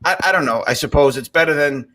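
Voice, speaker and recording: A man's voice: on the high side, fast. A man from South Boston with a Boston accent, a guest chatting casually and telling stories. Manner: animated storyteller, slips into other voices. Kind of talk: casual chat.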